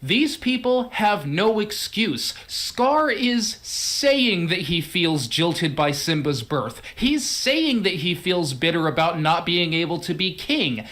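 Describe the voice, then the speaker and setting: A man narrating a scripted online film review, measured and dryly sarcastic. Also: sits high, animated, a bit bright.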